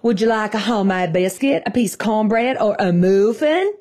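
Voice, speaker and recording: A woman voicing a cheerful male waiter in his forties who puts on a thick Southern accent, speaking slowly and overly friendly. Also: sits high, lively intonation, darkish tone. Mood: drawling, friendly. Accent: put-on Southern US. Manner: slow, drawn-out, overly friendly.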